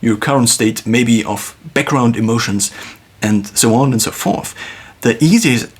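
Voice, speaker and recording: A man thinking aloud in a reflective solo monologue, musing with pauses and restarts, recorded on a phone. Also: mid-range voice, slightly rough. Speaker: video creator.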